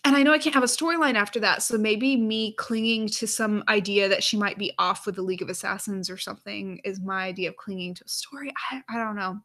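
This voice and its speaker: A woman hosting a live aftershow, chatting casually and reading viewer comments aloud, with lots of "like" fillers and quiet murmured asides. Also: mid-range voice, quick pace, hardly any pauses. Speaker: aftershow host.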